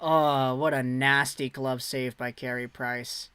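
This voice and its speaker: A man calling hockey play-by-play on his own livestream, excitable and jumping up loud on big saves. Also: medium pitch, takes it slowly, smooth, no room sound. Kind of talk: play-by-play commentary.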